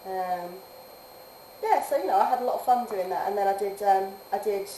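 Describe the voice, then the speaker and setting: A woman who teaches adults, chatting casually on a game live stream, talking in a chatty way, laughing often and drifting from soft to lively. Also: mid-range voice, normal speed. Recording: roomy echo, faint background noise.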